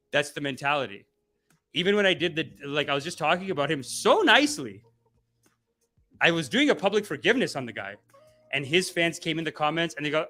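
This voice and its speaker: A man's voice: on the high side, expressive, a little fast, bright, forceful tone. A young man hosting a satirical spiritual-guru livestream, mock-preachy and playful, reading chat comments and mimicking people. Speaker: comedy guru host.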